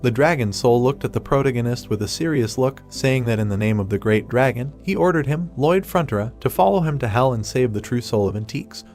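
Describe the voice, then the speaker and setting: A man narrating a comic recap in an even, steady third-person retelling. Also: medium pitch. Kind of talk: scripted narration.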